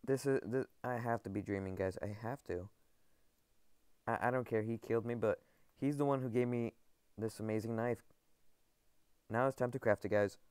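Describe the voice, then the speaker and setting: A man giving excited gameplay commentary to his viewers. He stammers and repeats himself and keeps calling them guys. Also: mid-range voice, normal speed, pauses often, clear, resonant tone, no echo. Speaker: gaming video creator.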